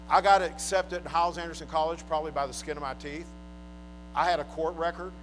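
A man preaching a sermon in a notably high voice. He is emphatic and jokes with the crowd, dropping to a hush and then rising to loud declarations. Faint music plays behind him. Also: rough recording. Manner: emphatic, swinging from hushed to loud, joking.

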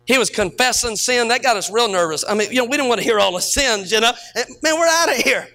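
A man preaching a sermon in an unusually high voice. His tone is bright and sharp, and he tells stories before climbing to shouted peaks. He sounds middle-aged and speaks as the pastor. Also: expressive, quick pace.

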